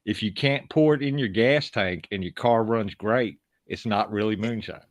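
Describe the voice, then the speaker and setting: A man's voice: lowish voice, normal speed, dry recording. A man with a Southern US accent, a guest chatting casually and telling stories in an easygoing way. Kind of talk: casual chat and storytelling.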